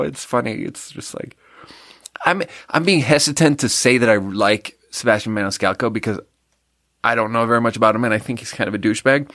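A man's voice: lowish voice, fairly bright tone, dry recording, clean studio sound. A man hosting a podcast, chatting on his own while tasting a drink, rambling and mocking himself in an offhand way. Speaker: podcast host. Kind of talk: casual solo drink tasting chat.

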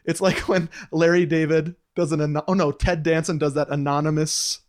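Brief: male podcast co-host, slightly high pitch, jokey asides. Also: fairly even intonation. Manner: joking, laughs often, quick asides. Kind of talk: casual chat.

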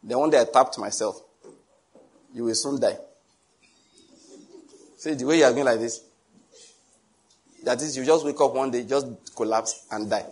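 Delivering a sermon at a moderate pace with long pauses, a middle-aged male pastor uses a husky, medium-pitched voice. He tells stories jovially, teasing his listeners, chuckling frequently, and adding animated asides.

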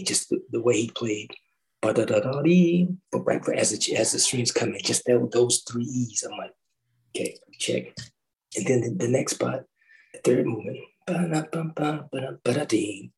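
A middle-aged man, a former orchestral timpanist, telling an animated story in a roundtable talk, acting out quotes and singing drum parts. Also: mid-range voice, creaky, low-quality recording. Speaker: orchestral timpanist recalling his start.

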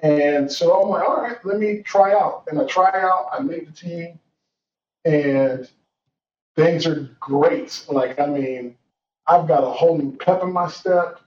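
This young guest's voice is a little high and a little mellow, moving at a measured pace as he reflects earnestly on his own story. He restarts sentences and leans on fillers while sounding set back from the mic amid room echo, and the dull audio carries a faint hiss.

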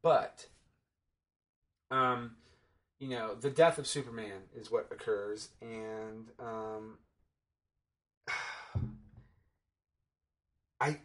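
A man's voice: lowish voice, steady tone, extremely slow, pauses often, fairly bright tone. A man giving a casual, rambling and sarcastic film review, full of fillers and restarts.

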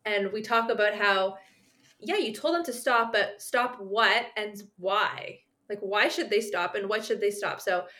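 A woman's voice: medium pitch, moderate pace, sharp tone. A woman speech therapist explaining her approach at length in a podcast conversation, with frequent fillers.

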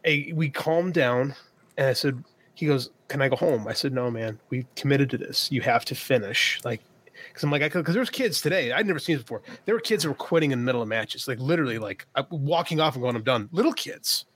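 A man's voice: mid-range voice, lively intonation, a little fast, a bit bright. A man in his thirties telling a personal story in a casual podcast chat, quoting himself and his son as he goes. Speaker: podcast co-host.

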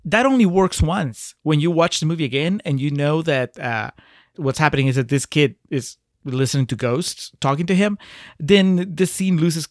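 A man's voice: a little high, normal speed, dry recording, studio quality. Wry man dissecting a film in casual chat. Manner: analytical, wry, laughs often. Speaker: podcast co-host. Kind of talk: casual movie-discussion chat.

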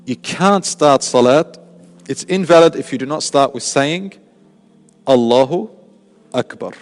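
This religious teacher speaks at a moderate pace in a slightly high voice, and the big room adds its sound to his words. He is teaching a religious lesson in the mosque hall, explaining things and quizzing his audience.

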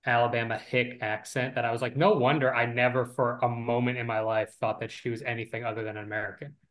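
A man on a casual movie podcast who speaks at an ordinary middle pitch. He shares his opinions candidly and with emphasis, leaning hard on certain words. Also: level tone, quick pace, fairly bright tone, low-quality recording. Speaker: podcast co-host.

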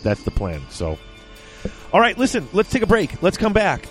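A man's voice: on the high side, wildly swooping pitch, moderate pace, faint music behind. A man hosting a hobby gaming podcast, joking and teasing his co-host in casual chat.

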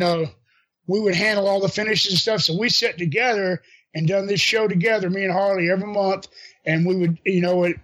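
An older man with a notably high voice spins casual stories from his wrestling days. He jumps into quoted dialogue, chuckles along the way, and keeps the telling animated and unpolished. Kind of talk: casual storytelling.

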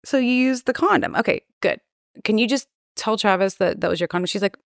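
A woman's voice: medium pitch, expressive, a little fast, vocal fry, no echo, studio quality. A woman, a podcast guest telling a story casually, swearing freely and acting out the voices of the people in it. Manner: candid, profane, acts out quoted dialogue.

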